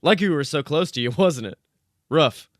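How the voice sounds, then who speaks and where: A man's voice: on the high side, expressive, normal speed, no room sound, studio quality, voice pushed up, lightly acted. A man voicing a small, hotheaded, foul-mouthed male corgi who barks between words. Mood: indignant.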